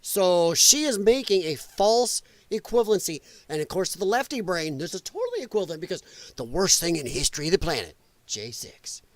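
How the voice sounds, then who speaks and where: A man talking back at news clips with open sarcasm and loose swearing. His voice sits high and swings widely. The sound is dry and close. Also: very animated, fairly quick, no echo. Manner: sarcastic, mocking, swears freely. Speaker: podcast host reacting to clips. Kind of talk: political commentary over clips.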